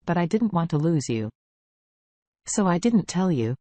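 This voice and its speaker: A woman reading the lines of an anxious, pleading young husband in a narrated story, in a low voice. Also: very animated, normal speed, dark tone, dry recording. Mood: apologetic. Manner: apologetic, earnest.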